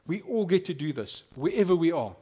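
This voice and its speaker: A man preaching a lively, conversational sermon as a pastor, acting out quotes. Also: fairly high pitch, a little fast, breathy edge.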